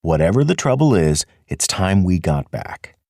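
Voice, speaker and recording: Man playing a steady rabbit leader. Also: low voice, normal speed, dry recording, clean studio sound. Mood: firm. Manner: firm, reassuring. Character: steady young male rabbit leader, protective.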